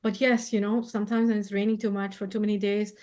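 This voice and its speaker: A woman with a mid-range voice talks over a video call in a gentle, effusive way. She speaks as a spiritual healer in a casual heartfelt chat and laughs often. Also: mid-range voice, flat delivery, fast.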